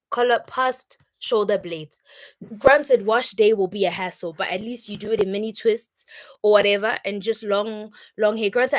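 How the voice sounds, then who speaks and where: A young woman talking casually to her future self in a vlog, emotional and a little teary, chatty, breaking into laughs and sudden loud bursts. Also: on the low side. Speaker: vlogger.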